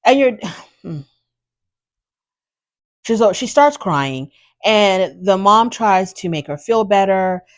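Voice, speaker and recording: Animated woman giving opinionated recaps. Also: mid-range voice, takes it slowly, long pauses. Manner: animated, opinionated, acts out quotes. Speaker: host recapping a reality show. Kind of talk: casual commentary.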